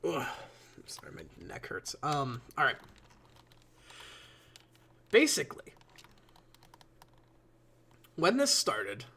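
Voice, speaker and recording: A man's voice: fairly high pitch, wildly swooping pitch, slow, creaky, pauses often, sharp tone, a little hiss or hum. A man chatting casually to his viewers while building in a game, rambling and swearing as he goes. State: yawning a lot. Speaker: live streamer. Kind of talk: casual live-stream commentary while building.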